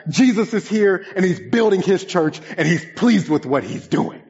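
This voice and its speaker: A man voicing an exuberant, cheerful male churchgoer who talks loudly and enthusiastically. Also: high-pitched, very animated, normal speed, voice pushed up. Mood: joyful. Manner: loud, beaming, enthusiastic. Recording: echoey hall, dull lo-fi sound.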